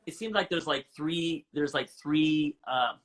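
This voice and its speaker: A man's voice: fairly high pitch, unhurried, a bit bright. A man hosting an interview, supportive and reflective, summing up what his guest says. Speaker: podcast host. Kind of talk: casual interview chat.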